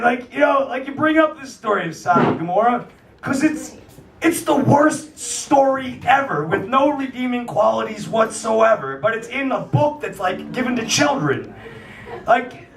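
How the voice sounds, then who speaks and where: Heard from a distant mic in a roomy live space, a man with an extremely high, slightly bright voice hosts a music night at a small cafe. As festival host and MC, he delivers a profane, rambling stand-up rant full of filler before introducing the next act.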